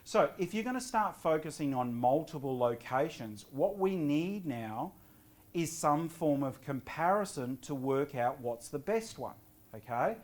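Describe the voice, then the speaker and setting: A middle-aged man giving a property investment seminar to a live audience, lively and often quizzing the crowd. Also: a little high. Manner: energetic, quizzes the audience with quick questions.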